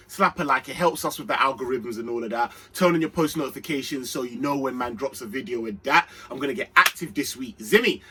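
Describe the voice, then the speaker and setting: A young man chats through a football match reaction. His voice is bright with a husky edge, and his talk is excitable and full of slang. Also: medium pitch. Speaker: football channel host. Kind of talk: casual fan match reaction.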